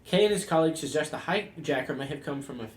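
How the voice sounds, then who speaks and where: Slightly high man in an echoey room. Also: expressive, fast. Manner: jokey, reads facts off a page with fillers. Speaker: podcast co-host. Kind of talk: casual podcast chat. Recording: echoey room with faint background noise.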